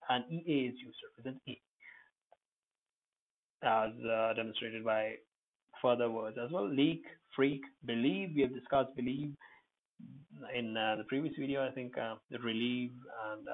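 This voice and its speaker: Husky man teaching pronunciation, tinny sound. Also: mid-range voice. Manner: repeats words slowly, spells out letters. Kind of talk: pronunciation lesson.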